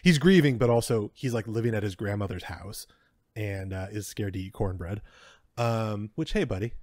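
Relaxed male co-host, lowish voice, wry asides, dry sound. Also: normal speed, dry recording. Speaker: podcast co-host. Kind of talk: casual podcast chat.

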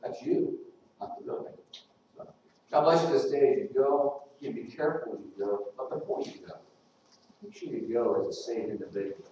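A man's voice: mid-range voice, animated, fairly quick, warm tone, a little hiss or hum. Man, church preacher, chatty sermon with questions to the pews; far from the mic, dull and echoey. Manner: conversational, asks the congregation questions. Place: church sanctuary.

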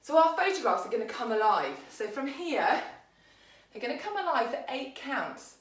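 A woman's voice: high-pitched, big pitch swings, normal speed, reverberant, distant mic, low-quality recording. A woman with an English accent teaching a children's dance lesson, counting beats and calling out moves in an upbeat way. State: out of breath.

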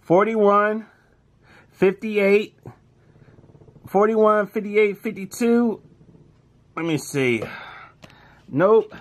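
A man, commenting casually as he scratches lottery tickets, reading numbers aloud in slang and breaking into excited shouts. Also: high voice, very slow, pauses often.

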